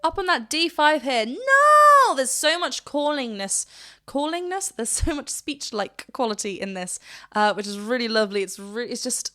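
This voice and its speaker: A woman vocal coach reacting to a song, gushing and rambling with quick restarts. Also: a little high, a bit bright, soft background music. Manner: breaks into short sung demonstrations. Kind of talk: reaction commentary.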